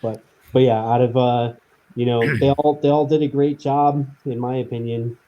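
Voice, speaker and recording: A man's voice: medium pitch, moderate pace, dull audio. A man and indie filmmaker talking plainly in a casual live chat, with frequent restarts. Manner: relaxed, matter-of-fact, talks in short restarts.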